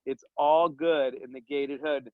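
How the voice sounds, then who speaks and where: A man talking as a podcast guest and dental business coach, energetic and joking, rambling with slang asides. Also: a little high, measured pace, no room sound, narrow, tinny audio. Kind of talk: casual podcast conversation.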